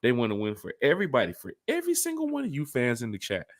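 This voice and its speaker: Speaking quickly in a mid-range voice, this sports fan podcast host rambles in an animated, casual way. His talk is aimed straight at his co-host.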